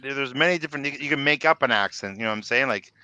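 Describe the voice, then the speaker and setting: A man co-hosting a fan podcast in casual chat, animated and often repeating words as he starts a thought. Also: medium pitch, racing. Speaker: podcast co-host.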